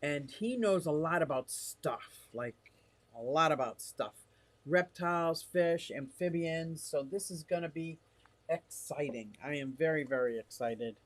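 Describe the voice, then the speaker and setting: A man's voice: a little high, measured pace. An older man live-streaming from his fish room, rambling casually and reading comments from the chat aloud.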